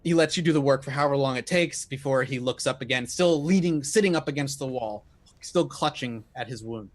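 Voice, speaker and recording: A man's voice: medium pitch, fairly quick. A man narrating a tabletop horror game as game master, describing scenes in detail with frequent fillers.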